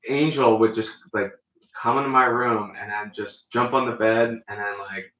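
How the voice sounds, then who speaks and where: A man chatting casually in a small talk contest, rambling and halting with many fillers. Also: on the low side, steady tone, a bit bright, roomy sound, a little hiss or hum, rough recording. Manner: rambling, halting, with bad put-on British accent. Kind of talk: casual banter.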